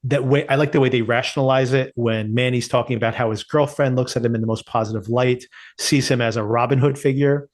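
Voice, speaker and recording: A man's voice: medium pitch, fast talker. Male podcast co-host, medium voice, casual and reflective TV review chat. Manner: thoughtful, relaxed, chuckles often.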